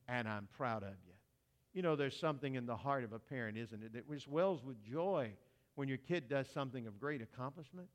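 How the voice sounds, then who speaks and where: A man preaching a sermon in a folksy, conversational way, talking straight to his congregation with homespun asides. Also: fairly high pitch.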